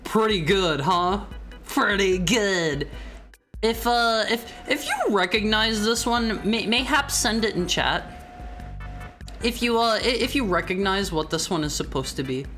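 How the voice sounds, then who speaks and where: Playful stammering streamer with lively pitch. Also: male voice, measured pace, soft background music. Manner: playful, stammering restarts, teasing chat. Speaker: VTuber streamer. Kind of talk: casual live-stream chat.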